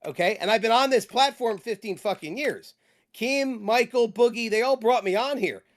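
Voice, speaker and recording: A man's voice: extremely high pitch, normal speed. A man on a livestream panel arguing heatedly and defensively, swearing often. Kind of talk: heated casual debate.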